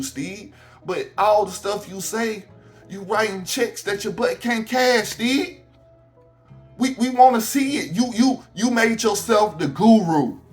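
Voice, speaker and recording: A man with an Alabama accent vents in a casual commentary vlog, repeating himself and talking straight to the person he criticizes. His voice sits a bit high for a man. Soft background music plays quietly under his talk. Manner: animated, repetitive, addresses the subject directly. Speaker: YouTube commentator.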